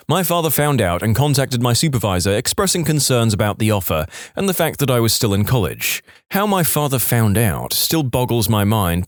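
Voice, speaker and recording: A man's voice: medium pitch, no room sound, studio quality. A man narrating reader-submitted stories in a wry, scripted storytelling delivery.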